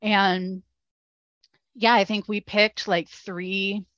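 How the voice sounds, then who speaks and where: A woman's voice: mid-range voice, level tone, extremely slow, a bit bright, no echo, highs cut off. A woman co-hosting a podcast, chatting casually and retelling events with lots of likes and ums. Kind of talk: casual chat.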